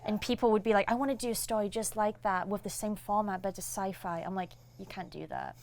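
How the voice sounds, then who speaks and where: A young woman, a comic artist, chats casually as an interview guest, telling animated stories and acting out the quoted dialogue of the people in them. Her voice is medium in pitch and creaky, and she talks a little fast.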